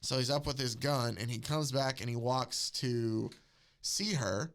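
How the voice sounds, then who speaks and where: A man's voice: medium pitch, measured pace, fairly bright tone. A man in a casual podcast chat, retelling a comic scene by scene and quoting the characters' lines, while his voice is wearing out. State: losing his voice. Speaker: podcast host recapping a comic.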